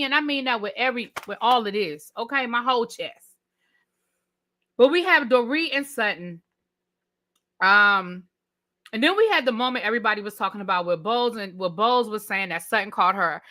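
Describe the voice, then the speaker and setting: A woman with a high, bright, sharp-edged voice talks straight to her live audience, ranting about a TV reunion episode. She is chatty and emphatic, with slang like "child" and "honey", and her pitch and volume swing up and down as she makes her points. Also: expressive, moderate pace. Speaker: YouTube TV reviewer, live stream host. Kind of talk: casual live-stream rant, greeting chat viewers.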